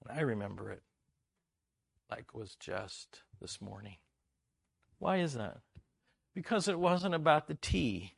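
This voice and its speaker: A middle-aged man preaching a sermon, telling a family story and acting out its voices with lively energy. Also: medium pitch, measured pace, vocal fry, pauses often, husky. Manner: animated, acts out the story in funny voices.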